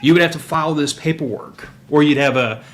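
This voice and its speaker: A man's voice: a little high, brisk. A man hosting a podcast with his wife, ranting in a sarcastic, opinionated way in casual chat. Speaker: podcast host.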